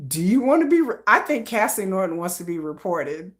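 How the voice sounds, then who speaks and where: A woman's voice: mid-range voice, big pitch swings, normal speed. A woman hosting a casual livestream, teasing her chat and laughing often. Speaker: livestream host.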